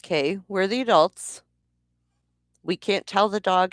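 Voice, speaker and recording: A woman's voice: medium pitch, slow pace, no echo, studio quality. A woman vlogger telling a personal story in a blunt, heated way, swearing freely. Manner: blunt, profane, heated retelling.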